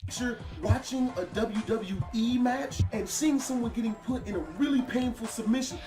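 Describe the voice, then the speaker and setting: A man's voice: extremely high pitch, normal speed, echoey room. Man telling a story over faint music. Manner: calm, quoting shouting officers. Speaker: storyteller in a played video. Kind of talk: first-person story narration.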